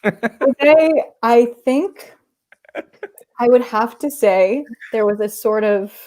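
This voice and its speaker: Female podcast guest, dry wry delivery, slow and mellow. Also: on the high side, low-quality recording. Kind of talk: casual chat.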